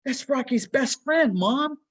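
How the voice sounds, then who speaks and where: Woman reader doing an excited little boy in a storybook, high and a bit loud. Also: takes it slowly, slightly rough, recorded from a distance, heavily acted. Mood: urgent. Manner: urgent, excited. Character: eager young boy rushing to help.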